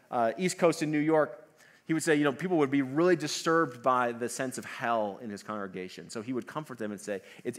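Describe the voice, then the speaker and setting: A man preaching a sermon, animated and acting out the voices of the people he quotes. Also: fairly high pitch. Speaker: pastor.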